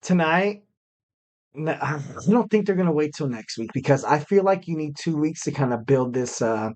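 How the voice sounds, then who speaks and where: A man's voice: a little high, lively intonation, normal speed, a little mellow. A young man hosting a wrestling podcast alone, chatting loosely with lots of fillers and little self-mocking jokes. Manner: rambling, filler-heavy, self-joking. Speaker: podcast host. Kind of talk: casual solo podcast chat.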